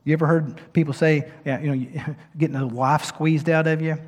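A man preaching a sermon as pastor, moving from quiet reflection to loud, emphatic peaks. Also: fairly high pitch, little pitch movement, moderate pace. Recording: long hall reverb.

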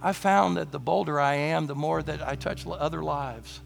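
A man preaching a sermon, his voice hoarse and gravelly, declaring bold lines with rising emphasis. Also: fairly even intonation, normal speed, soft background music. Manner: declaring boldly, rising to emphatic high passages. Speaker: pastor.

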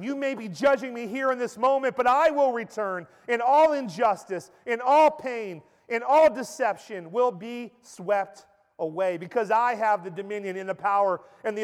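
A man's voice: fairly high pitch, slow pace. A preacher voicing a commanding divine king. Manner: proclaiming, emphatic. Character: commanding divine king, man, majestic and stern. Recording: echoey church hall.

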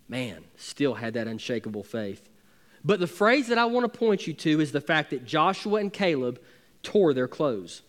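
High-voiced pastor preaching emphatically. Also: male voice, sing-song, normal speed. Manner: emphatic preaching with rising intensity. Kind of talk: sermon.

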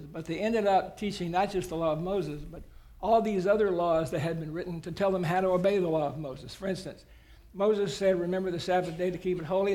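Folksy preacher, high voice. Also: male voice. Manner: folksy, humorous storytelling. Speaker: guest preacher. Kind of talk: sermon.

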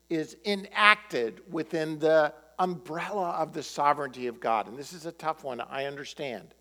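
A man preaching a sermon, in a relaxed conversational way with plenty of fillers. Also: sits high, long reverb tail. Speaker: pastor.

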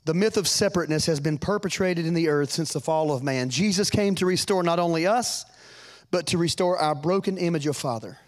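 A man preaching a sermon, fervent and folksy, climbing to loud peaks and dropping to quiet asides. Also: fairly quick. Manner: fervent, rises to shouts then drops low; folksy, repeats words.

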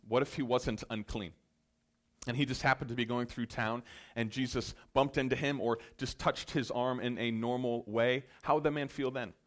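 Earnest preacher with soaring, dropping voice. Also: male voice, lowish voice. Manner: earnest, builds to loud emphatic peaks then drops soft; addresses listeners directly. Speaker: pastor. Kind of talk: sermon.

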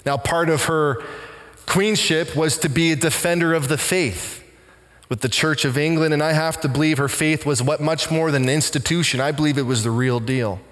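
A pastor delivers an earnest, heartfelt sermon, his fairly high voice circling back on words as he searches for them. The sound carries a long reverb from the church around him. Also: fairly even intonation, normal speed, fairly bright tone.

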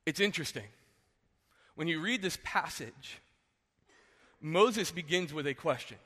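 A man's voice: a little high, expressive, measured pace, sharp tone, big-room sound. A male pastor giving a sermon in a conversational way, often saying "like" as he explains. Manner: conversational, often says "like" and restarts.

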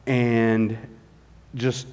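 A man's voice: medium pitch, level tone, a little mellow, clear, resonant tone. Male pastor preaching, weary and candid, a long reverb from the church hall. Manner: candid, tired, halting with many fillers. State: tired. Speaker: guest pastor. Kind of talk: sermon. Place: church sanctuary.

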